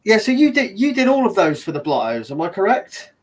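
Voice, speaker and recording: A man on a casual video call panel who laughs easily and chats in a lively way. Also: high voice, brisk. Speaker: panel host.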